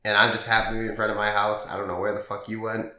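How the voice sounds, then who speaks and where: A young podcast co-host with a low voice talks very fast in casual chat, telling stories with animation, acting out dialogue and swearing freely. The room is echoey.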